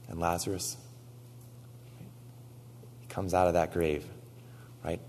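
A man preaching a sermon, retelling stories with animated quoted lines and frequent "right?" asides. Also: low-pitched, a little slow, pauses often, long reverb tail. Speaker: pastor.

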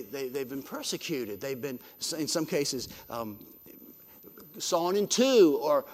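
A man preaching a sermon with a slightly raised voice. He swings from ringing emphasis to hushed, drawn-out phrases, and his words trail off in the long reverb of a large hall. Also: fairly high pitch. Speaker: pastor.

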